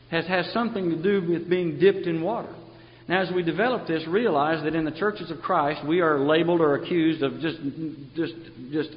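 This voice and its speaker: A male preacher delivering a conversational sermon, sometimes acting out the voices in his stories. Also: a little high. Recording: dull audio with long hall reverb.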